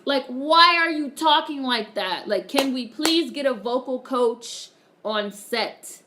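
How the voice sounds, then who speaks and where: This woman speaks slowly in a high, animated voice over a noisy background. She's a casual, chatty live streamer reading viewer comments aloud, swearing freely and laughing often.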